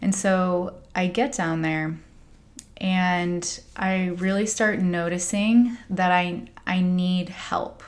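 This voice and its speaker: A woman's voice: fairly low pitch, steady tone, slow pace. Candid rambling American woman. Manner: candid, rambling, with frequent "like" fillers and soft laughs. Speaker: spiritual coach and podcast host. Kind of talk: casual confessional monologue.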